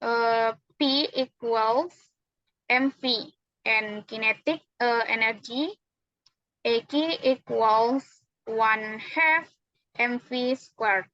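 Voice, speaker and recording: A woman's voice: on the high side, drawn-out words, bright, forceful tone, no echo. A young woman with an Indonesian accent explaining physics formulas carefully in a classroom manner, with frequent hesitations. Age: young adult. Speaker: university student acting as physics teacher. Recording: dry, dull lo-fi sound.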